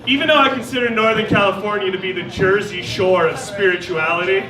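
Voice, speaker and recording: A man doing a stand-up comedy set on a stage mic, with a wry deadpan delivery and mock voices for the people he quotes. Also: high voice, fairly quick, far from the mic. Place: live comedy venue. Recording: roomy live venue with crowd. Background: audience laughter.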